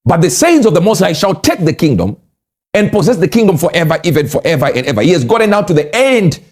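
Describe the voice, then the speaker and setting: A man's voice: a little high, fast talker. A man giving a Bible teaching, reading scripture aloud and often checking that his listeners follow. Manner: animated, quizzes listeners often. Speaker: preacher.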